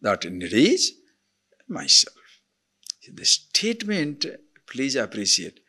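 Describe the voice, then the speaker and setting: A man gives a spiritual discourse as a teacher. He asks rhetorical questions and swings from emphatic to soft. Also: mid-range voice, wildly swooping pitch, slow, husky.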